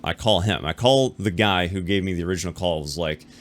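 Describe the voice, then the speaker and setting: A man casually telling his audience a business story to camera, talking fast with frequent repeats and restarts, and acting out the other people in the story. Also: low-pitched.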